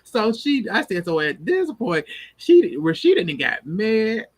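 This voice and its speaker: A man casually recapping a TV episode, animated and laughing often as he retells the scenes. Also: high-pitched, measured pace. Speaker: TV episode reviewer.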